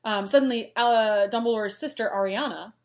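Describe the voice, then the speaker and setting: A woman's voice: on the high side, moderate pace. Chatty woman podcast co-host. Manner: chatty, loose with fillers and "like". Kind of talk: casual book-discussion chat.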